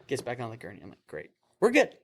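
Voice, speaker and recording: A young paramedic who hosts a podcast tells a work story casually over beers, his lowish, gravelly voice coming out rapid-fire. He's animated, laughing often and acting out the voices of the people in the tale.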